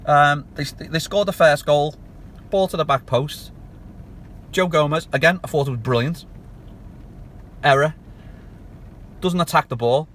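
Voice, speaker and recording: A man's voice: a little high, unhurried, long pauses, a bit bright, a little hiss or hum. A man giving a passionate, ranting fan review of a match in clipped, punchy phrases. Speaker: football fan channel host.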